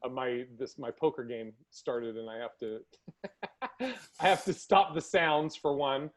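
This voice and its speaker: Unhurried and medium-pitched, the male podcast host tells stories in a lively, casual style, performing the quotes as he goes.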